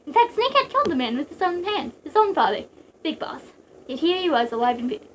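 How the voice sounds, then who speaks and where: A woman's voice: sits high, very animated, fast talker, a little hiss or hum, rough recording. A young woman casually reading a story aloud, breaking off for giggly jokes. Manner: giggly, joking digressions. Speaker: reader.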